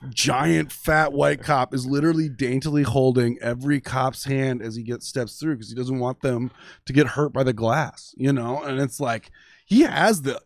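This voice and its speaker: A man's voice: mid-range voice, dry recording. A man from Minneapolis telling long, profane stories in casual chat as a podcast guest, full of "you know" and "like". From Minneapolis, USA.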